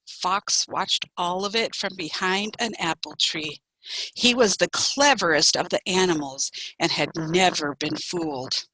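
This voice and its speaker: A woman, a children's librarian, reading a picture book aloud in an animated, expressive way. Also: on the low side, a little slow, no echo, poor audio.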